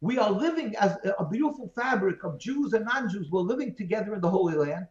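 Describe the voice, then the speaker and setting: A man's voice: high voice, expressive, fast talker. A man, a rabbi as interview guest, giving emphatic, pleading answers full of repeated phrases over a video call. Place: remote call from home. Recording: roomy, dull video-call audio.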